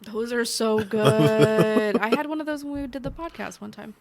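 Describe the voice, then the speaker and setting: A young woman co-hosting a podcast, chatting casually and telling embarrassing stories about herself with lively, self-mocking energy. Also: on the high side, moderate pace, a crowd in the background. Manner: animated, self-deprecating storytelling. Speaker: podcast co-host. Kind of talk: casual chat and anecdote. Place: library recording room.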